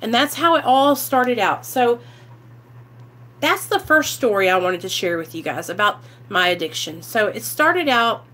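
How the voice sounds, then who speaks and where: A woman, candidly telling her life story to the camera, animated and swearing freely, acting out what people said. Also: a little high, unhurried. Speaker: vlogger sharing recovery story.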